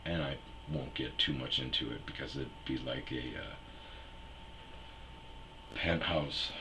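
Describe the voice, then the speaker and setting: A man's voice: extremely low pitch, bright, forceful tone, a little hiss or hum. A young man telling a rambling, crude personal anecdote in casual chat. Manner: rambling anecdote with crude humor and acted quotes. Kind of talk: casual storytelling.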